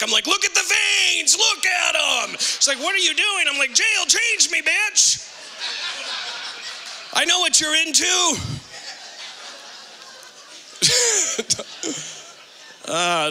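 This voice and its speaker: A middle-aged male stand-up comedian working a theater crowd with a bright, piercing voice pitched high for a man. He tells his stories loudly and animatedly, jumping into shouted punchlines. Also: slight background noise. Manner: loud animated storytelling with sudden shouted punchlines. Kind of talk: live stand-up set. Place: theater stage with audience. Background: audience laughter.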